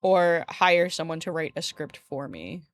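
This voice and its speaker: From a room at home near a window, a woman chats with her stream viewers in a meandering way, often laughing and using light profanity into a desk streaming mic. Her voice sits low, swings widely in pitch, and never hurries.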